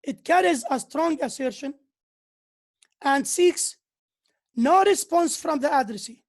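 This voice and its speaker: A woman's voice: sits high, lively intonation, a little slow. A woman lecturing on grammar who often repeats key phrases and reads out examples. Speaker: university lecturer. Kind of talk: slow lecture on English grammar.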